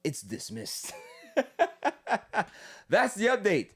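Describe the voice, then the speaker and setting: A male podcast host in casual ranting commentary, loud and mocking, slipping into quick impressions. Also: sits high, huge pitch swings, husky.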